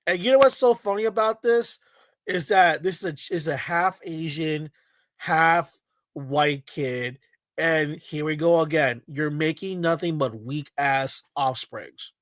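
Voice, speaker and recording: A man rants crudely through a livestream reaction, rambling in loose bursts packed with fillers. His voice sits a little high for a man. The sound is dry and close, with no room around it. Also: a little slow, a bit bright, no echo. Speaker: streamer reacting to a video. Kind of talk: casual livestream commentary.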